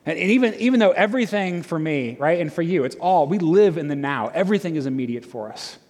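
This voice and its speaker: A middle-aged man preaching a sermon in a conversational, animated way, with frequent fillers and restarts. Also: high-pitched, a little fast, in a large hall. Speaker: pastor.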